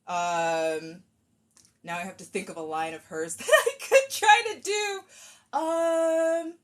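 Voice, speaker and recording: Slow, rambling woman chatting on a live stream. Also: on the low side, huge pitch swings, fairly bright tone. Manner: rambling, chatty, self-deprecating. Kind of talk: casual live-stream chat. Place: at home, fixing a wig on stream.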